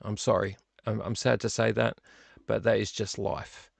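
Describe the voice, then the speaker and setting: Brief: middle-aged man, gravelly, rambling live-stream host, dry close sound. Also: on the low side, flat delivery, moderate pace, no room sound. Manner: rambling, chatty, self-deprecating. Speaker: vlog host. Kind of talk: casual live-stream chat. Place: home studio room.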